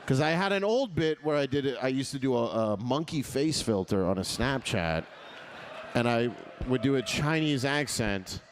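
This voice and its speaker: Hombre cómico profano con voz muy animada. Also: male voice, expressive, moderate pace, a little hiss or hum. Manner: loose, profane, laughing often, bouncing pitch. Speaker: stand-up comedian. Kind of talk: crowd-work stand-up comedy.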